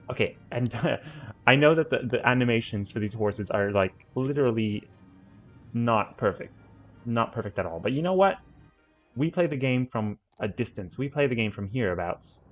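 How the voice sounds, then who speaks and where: Give me a man rambling through a city-builder let's-play, self-correcting and playful, with faint background music. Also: medium pitch. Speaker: gaming channel host. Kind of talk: casual let's-play commentary.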